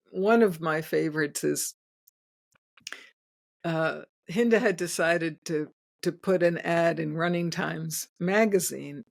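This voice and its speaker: Older woman guest, chatty storyteller, lowish voice, laughs a lot. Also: gravelly, darkish tone. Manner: chatty, laughs often, many restarts. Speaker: guest, inventor. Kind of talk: storytelling in casual interview.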